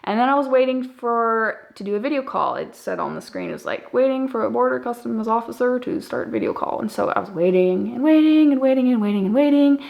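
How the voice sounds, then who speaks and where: A woman's voice: on the high side, expressive, a little fast, gravelly, few pauses, highs cut off. A young woman narrating her travel vlog in a chatty, upbeat way, with plenty of filler words. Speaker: travel vlogger.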